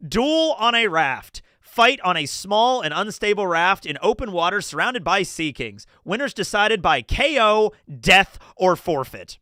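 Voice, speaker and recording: Chatty male streamer, high and animated, quick to laugh and swear. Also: clear, resonant tone, no room sound, studio quality. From New Jersey. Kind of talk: casual livestream commentary.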